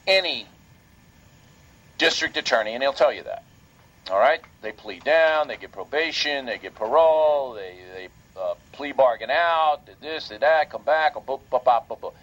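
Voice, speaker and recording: A man's voice: medium pitch, a bit bright. A man hosting a talk radio show, delivering a heated, indignant monologue that repeats points for emphasis. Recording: lo-fi radio broadcast.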